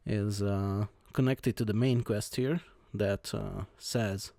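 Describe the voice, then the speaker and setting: A man commenting on a video game he plays, reading the game's text aloud in his own plain voice and talking in a halting way, with many fillers and restarts. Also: on the low side, steady tone, creaky, mellow, no echo, clean studio sound. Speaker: let's play host.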